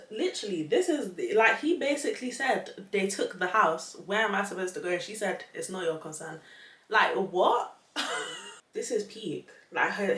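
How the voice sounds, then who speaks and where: A young woman reads online posts aloud and chats casually, laughing often and reacting with disbelief. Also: on the low side. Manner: laughs often, animated and incredulous. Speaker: vlogger. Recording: echoey room, mic at a distance.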